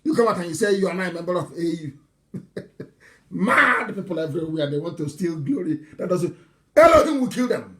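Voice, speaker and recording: A man giving a live broadcast address to his followers, impassioned and mocking, now and then shouting and breaking into laughter, often stumbling and repeating words. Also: sits high, lively intonation, moderate pace. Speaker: movement leader addressing followers.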